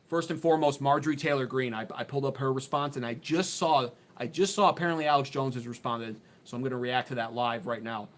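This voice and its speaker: A man's voice: medium pitch, fairly even intonation, fast talker, hardly any pauses. A man hosting a political livestream, sarcastic, worked up and blunt, swearing as he talks into a phone on a desk mount. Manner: sarcastic, riled up, blunt and profane. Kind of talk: heated political commentary livestream.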